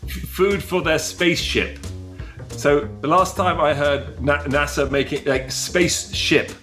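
A man's voice: a little high, unhurried, music in the background. A man hosting a casual chat, teasing his co-host and introducing a guest. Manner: teasing, animated. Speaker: podcast host.

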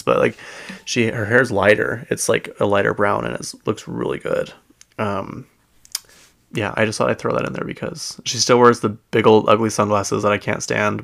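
A podcast host with a lowish, fairly bright voice and vocal fry chats casually. He rambles, using lots of fillers and correcting himself.

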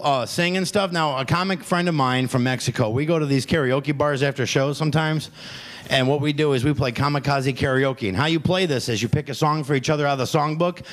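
A man's voice: a little high, a bit bright. A man doing a stand-up routine on a comedy club stage, often breaking up laughing at his own jokes. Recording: noisy live club recording.

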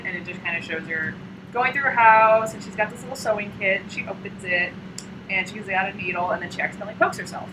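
A young woman in casual chat, retelling a comic story with lively energy and frequent laughs, acting out the lines. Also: mid-range voice, fast. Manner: animated, acts out quotes in silly voices, laughs often. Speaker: podcast co-host. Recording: noticeable background noise.

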